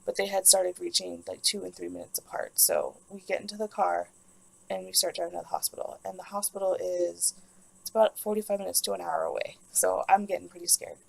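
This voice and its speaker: A young woman vlogger tells a personal story, rambling and emotional and saying "like" constantly. Her voice is on the low side, level in tone, brisk and gravelly, and the recording is rough.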